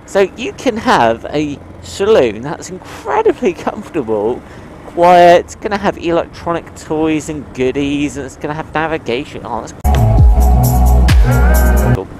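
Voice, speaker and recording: A man from the UK giving a casual vlog monologue, animated and swearing, with his voice jumping between high and low. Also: measured pace, over music. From United Kingdom. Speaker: motovlogger.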